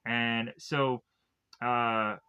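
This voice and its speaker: A man's voice: medium pitch, level tone, drawn-out words, sharp tone, clear, resonant tone. A man casually recapping a film's plot as a reviewer, rambling with lots of "like" and "uh" fillers. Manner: rambling, filler-heavy with constant "like" and "uh". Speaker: film reviewer.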